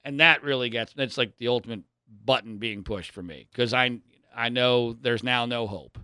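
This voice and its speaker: A man, probably in his thirties, telling a personal story in an exasperated way, swinging between loud outbursts and low mutters. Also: normal speed, clean tone, dry recording, clean studio sound.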